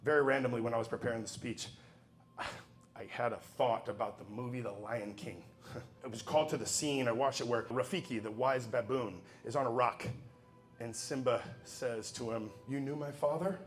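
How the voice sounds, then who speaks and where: A man in the middle of a motivational speech on stage, with a voice of ordinary middle pitch for a man. He preaches emphatically, slipping into hushed asides and then climbing to loud, driving calls. Faint music sits behind him. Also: steady tone, normal speed. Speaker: motivational speaker.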